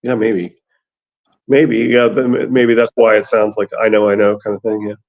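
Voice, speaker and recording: Raspy, gravelly male host reading aloud and discussing; lo-fi. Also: medium pitch, level tone, moderate pace. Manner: reads aloud, then chats about the text. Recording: dull lo-fi sound.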